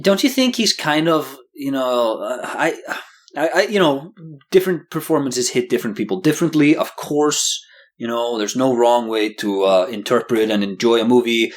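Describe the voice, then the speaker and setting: A man co-hosting a casual podcast discussion, giving joking, animated critical opinions. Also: medium pitch, normal speed. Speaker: podcast co-host.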